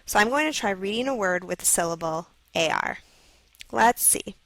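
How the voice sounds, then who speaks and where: A woman narrating a scripted phonics video for children, slowly sounding out letters and words. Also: medium pitch, expressive, fairly bright tone, dry recording, rough recording. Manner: slow, clearly sounding out letters.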